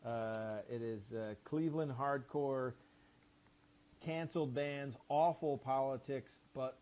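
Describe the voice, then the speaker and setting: A man's voice: medium pitch, darkish tone, slight background noise. A man who is a podcast guest, chatting casually in a rambling, enthusiastic way with many fillers and swears. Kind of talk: casual chat.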